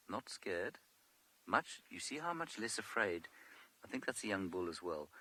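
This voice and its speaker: A man guiding a live safari drive outdoors, talking in a hushed, amused, wry way and often whispering. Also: low voice, breathy edge, low-quality recording. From South Africa. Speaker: safari guide presenting a live game drive. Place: open game-drive vehicle outdoors in the bush.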